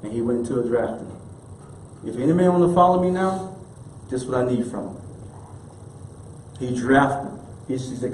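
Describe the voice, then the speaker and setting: Preacher in an echoey hall. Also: male voice, on the high side, brisk, mellow. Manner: emphatic preaching with repeated refrains; casual colloquial delivery. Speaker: minister. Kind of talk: sermon. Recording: echoey room with faint background noise.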